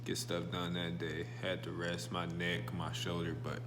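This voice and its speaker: A young man vlogging in a casual, slangy, laid-back way, telling stories with animated bursts. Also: deep voice, unhurried, music in the background. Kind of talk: casual vlog chat.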